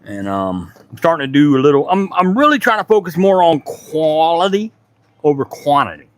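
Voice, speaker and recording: A man's voice: a little high, very animated, normal speed. A middle-aged man hosting a woodworking livestream from his home workshop. He chats casually and rambles, greeting viewers by name. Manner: laid-back, rambling, talks to chat by name.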